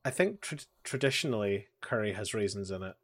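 A man co-hosting a casual podcast chat, talking in a halting way with many fillers and restarts, often chuckling through his stories. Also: on the low side, animated. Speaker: podcast co-host. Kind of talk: casual chat about anime and pop culture.

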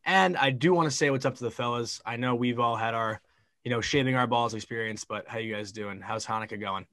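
A man's voice: mid-range voice, fairly quick, fairly bright tone, dry recording. Hyped male podcast host, dry sound. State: out of breath after the ad. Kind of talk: casual podcast chat with ad read.

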